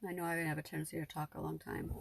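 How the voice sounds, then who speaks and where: A woman's voice: low-pitched, level tone, rapid-fire, gravelly, noisy background. A middle-aged woman talking to her viewers in an emotional, rambling personal vlog with a spiritual bent. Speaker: vlogger.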